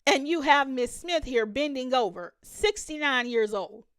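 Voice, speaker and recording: A woman's voice: high voice, expressive, a little slow, a bit bright, clean tone, dry recording, clean studio sound. A woman hosting a reaction video, talking emphatically to her viewers and laughing often. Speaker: reaction channel host. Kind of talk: reaction commentary.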